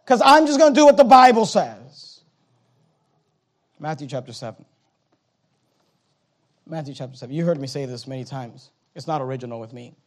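A high-voiced male pastor preaching in a church. He drops low and quiet, then climbs into loud, urgent exhortation, repeating his phrases and stumbling over restarts. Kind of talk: sermon.

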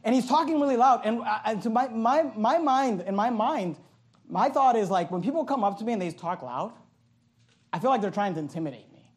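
Middle-aged male pastor with a high voice, loud and animated in the pulpit. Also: fairly quick. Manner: bursts into yelling. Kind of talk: sermon.

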